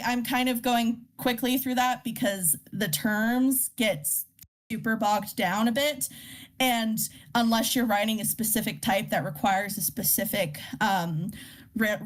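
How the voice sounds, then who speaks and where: A woman hosting a casual poetry workshop, explaining terms with many fillers and restarts and reading poems aloud. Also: medium pitch. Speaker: workshop host teaching poetry. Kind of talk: informal live lesson.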